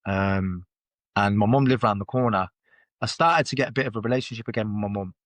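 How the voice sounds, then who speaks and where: A man's voice: on the low side, fairly quick, no room sound. Blunt, swearing man, dry sound. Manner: blunt, swears freely, loose run-on phrasing. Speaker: podcast guest. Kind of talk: candid personal storytelling in conversation. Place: podcast studio.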